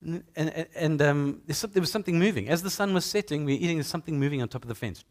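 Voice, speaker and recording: A middle-aged man, preaching a sermon as a pastor in an animated storytelling way. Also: on the high side, racing, hardly any pauses. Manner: storytelling, animated with acted-out sounds.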